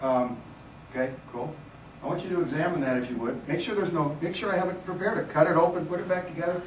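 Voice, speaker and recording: A man's voice: fairly high pitch, fast. A man performing comedy magic on stage, teasing a volunteer and joking with the audience. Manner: joking, teasing, self-deprecating. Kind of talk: live stage magic patter with audience banter. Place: large hall with live audience. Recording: echoey hall recorded from far off, loud noise.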